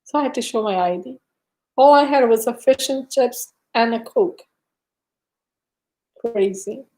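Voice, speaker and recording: A woman's voice: a little high, unhurried, darkish tone. A middle-aged woman hosting a casual live stream, chatting with viewers and telling stories with frequent laughter. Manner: chatty storyteller, laughs often.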